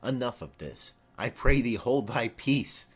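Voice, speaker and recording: A man's voice: mid-range voice, expressive, unhurried, breathy edge. A man voicing a stately noblewoman urging her daughter to marry, formal and persuasive, in an audiobook play reading.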